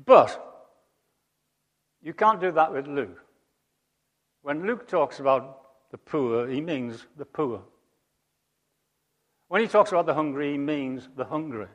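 A man preaching a sermon, emphatic, rising to loud high peaks and dropping to quiet asides. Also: expressive, takes it slowly, pauses often, lo-fi sound. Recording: long hall reverb.

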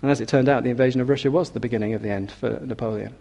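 A man preaching a sermon, reading scripture slowly and building to forceful, emphatic declarations. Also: medium pitch, steady tone, creaky. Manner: reads scripture aloud with slow weight.

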